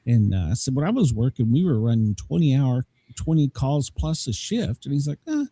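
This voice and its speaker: A man's voice: medium pitch, lively intonation, moderate pace, mellow, slightly rough, dry recording. A middle-aged man hosting a podcast in casual chat, joking and rambling with frequent chuckles. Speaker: podcast host.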